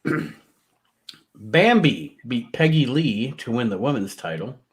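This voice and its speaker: A man co-hosting a casual chat, reading out old match results in an unhurried way and chuckling often. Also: medium pitch, expressive. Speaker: podcast co-host.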